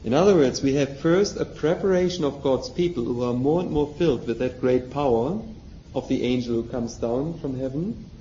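A man's voice: medium pitch, normal speed, dark tone. A man teaching a Bible study, reading passages aloud and explaining them with questions to his listeners. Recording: dull lo-fi recording, faint noise.

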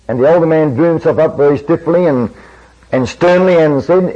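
Husky preacher on an old recording. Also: male voice, on the high side, big pitch swings, brisk, dull audio. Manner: earnest storytelling, acts out dialogue in quoted voices. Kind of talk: sermon storytelling.

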